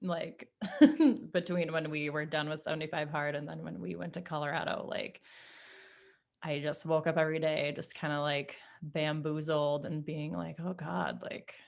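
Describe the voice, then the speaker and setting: A woman's voice: sits low, flat delivery, normal speed, darkish tone. A woman co-hosting a casual podcast, chatty and giggly, with lots of filler words. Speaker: podcast co-host. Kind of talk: casual chat among friends.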